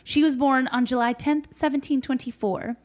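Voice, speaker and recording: A young woman co-hosting a podcast in easy, casual chat. Her voice sits a little high and she tells stories with animated, playful delivery. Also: normal speed. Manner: animated storyteller, plays with voices. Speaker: podcast co-host.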